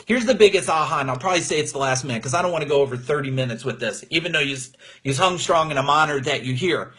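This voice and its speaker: A man with a fairly high, husky voice gives a motivational talk on a live call. He speaks with emphatic energy, as a coach rousing his audience. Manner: energetic, emphatic, gets emotional. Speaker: business coach. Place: his room at home.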